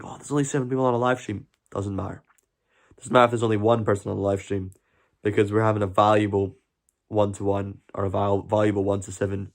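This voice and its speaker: Earnest Scottish man chatting on a stream. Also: fairly low pitch. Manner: earnest, rambling, talks to chat. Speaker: live stream host. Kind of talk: casual live stream chat.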